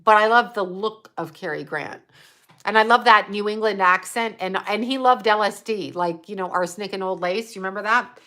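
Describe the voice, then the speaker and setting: Woman, casual chat, blunt and foul-mouthed, thinking aloud, bright forceful voice. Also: medium pitch, normal speed. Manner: blunt, profane, opinionated; trails off, talks to herself while looking things up. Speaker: livestream host answering chat.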